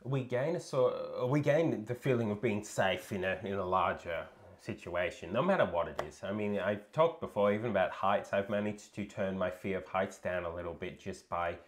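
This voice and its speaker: Very deep-voiced woman chatting casually. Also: moderate pace. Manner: relaxed, rambling, reads chat messages aloud. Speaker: cooking stream co-host. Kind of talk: casual chat.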